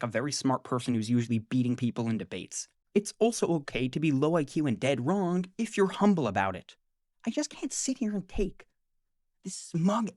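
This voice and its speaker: A man's voice: medium pitch, darkish tone, no room sound, clean studio sound. A man giving angry reaction commentary on a debate clip, ranting and swearing, with mocking impressions of the debaters. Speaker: commentary YouTuber.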